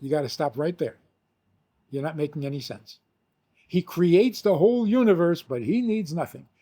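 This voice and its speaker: An older man, a rabbi, teaching with an animated story, acting out the quotes and laughing often. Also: a little high, normal speed.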